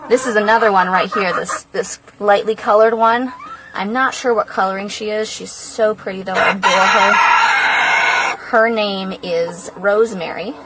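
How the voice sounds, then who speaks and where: A woman's voice: fairly even intonation, measured pace, heavy background noise. A young woman giving a casual tour of her farm outdoors, slightly out of breath from walking. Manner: coos in a high baby voice to the animals.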